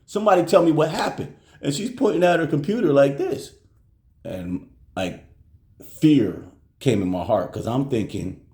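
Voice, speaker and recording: A man's voice: on the low side, roomy sound. A man telling a casual story to his viewers at home, acting out every person's voice as he goes. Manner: animated, acts out everyone's voices. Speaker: vlogger.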